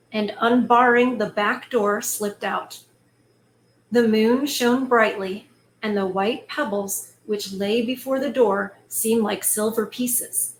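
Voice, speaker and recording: A woman reading a fairy tale aloud and breaking off into chatty, excitable asides. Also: mid-range voice, slight background noise. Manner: excitable, chatty, animated commentary. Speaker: storyteller host. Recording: echoey room, faint ambience.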